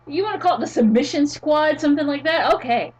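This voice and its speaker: A woman co-host in a casual wrestling chat talks with a raised, bouncy voice that leaps up and down as she gets excited. She laughs often and swears freely, with a faint hiss of noise behind her. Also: sits high, fast, rough recording. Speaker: podcast co-host. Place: college town in the US.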